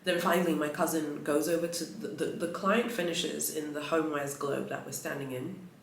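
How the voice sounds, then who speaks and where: A woman's voice: low voice, fairly even intonation, normal speed, vocal fry, slight background noise. A woman vlogger telling a story in a chatty, rambling way, full of fillers and restarts. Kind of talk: casual storytelling vlog. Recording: roomy echo.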